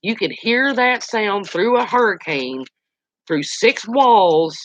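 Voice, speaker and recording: Animated storyteller, lo-fi. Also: mid-range voice, slow pace, no echo. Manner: animated, colloquial, exclaiming. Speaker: outdoors channel host. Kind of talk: casual storytelling. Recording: dull lo-fi dry recording.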